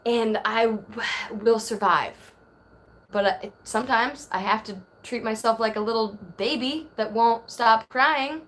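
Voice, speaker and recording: A chatty woman in her thirties hosts a live stream from her phone, rambling from one thought to the next and reading viewer comments aloud. Her voice sits a little high, and her talk runs loose and easygoing. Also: unhurried, fairly bright tone. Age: 30s. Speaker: livestream host. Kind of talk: casual live-stream chat.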